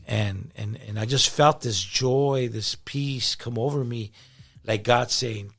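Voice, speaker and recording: A pastor telling his story in a casual interview, animated and slangy as he talks. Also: mid-range voice, measured pace, gravelly, soft background music. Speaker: pastor and podcast guest.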